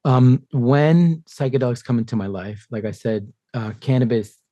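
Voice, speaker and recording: A man in his fifties, a podcast guest telling stories in a lively way and acting out what other people said. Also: mid-range voice, normal speed, dry recording. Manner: animated storyteller who acts out quoted voices. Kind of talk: conversational interview.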